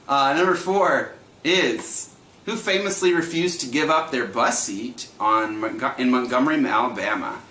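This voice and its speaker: A man in his thirties runs a trivia night over a livestream, talking in a loose, chatty way and laughing often as he reads out and repeats each question. His voice has a bright, forward edge. It sounds like a room at home that is a bit echoey, with a faint hum behind him. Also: mid-range voice, moderate pace.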